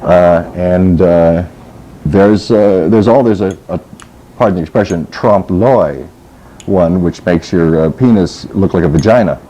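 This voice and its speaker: Deadpan comedy guy, low mellow voice, lots of uhs and pauses. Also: rough recording. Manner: deadpan, rambling with hesitations. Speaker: comedian interviewee. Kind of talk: straight-faced comedy interview.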